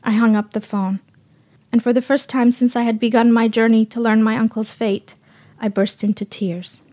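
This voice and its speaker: A woman reporter narrating her own story in a measured, sober radio style. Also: on the high side, flat delivery, warm tone. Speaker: freelance reporter.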